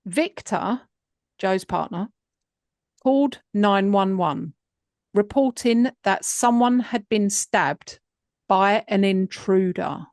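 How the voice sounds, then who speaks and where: A woman's voice: medium pitch, slow pace, darkish tone, no echo, clean studio sound. A woman hosting a true crime podcast, talking in a conversational way with many fillers. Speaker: podcast host.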